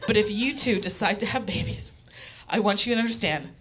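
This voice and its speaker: A woman's voice: mid-range voice, expressive, a little fast, noisy background, lightly acted. A woman playing an overexcited, gasping mom. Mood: gushing, shouting. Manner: gasping, breathless, bursting into shouts. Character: intense, overexcited middle-aged mother. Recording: live crowd laughter in small theater.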